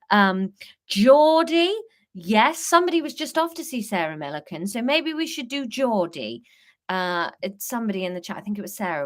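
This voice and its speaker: A woman hosting a live story-writing stream, chatting and giggling as she reads out her story and the chat. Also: fairly low pitch.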